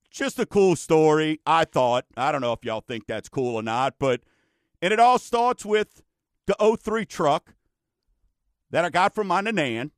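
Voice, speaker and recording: A man hosts a casual radio talk show, spinning folksy stories in a chatty way. His voice sits fairly high for a man, and the recording is dry and close. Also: dry recording. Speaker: radio show host, mortgage lender.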